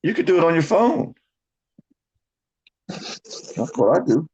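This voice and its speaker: This man's voice sits a little high and moves slowly, with a breathy edge and the highs cut off. He's a boastful storyteller on a livestream, chatting casually, cursing freely, laughing often, and keeping his delivery lively and swinging.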